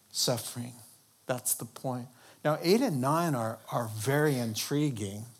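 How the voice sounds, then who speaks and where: A man preaching a sermon. He asks the congregation questions and rises into high, emphatic bursts to make his points.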